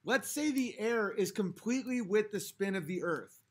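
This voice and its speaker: A man's voice: sits high, animated, normal speed, husky. A man hosting a livestream, arguing with his chat in a profane, exasperated rant, a little tipsy from a few drinks. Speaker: livestream host reading chat.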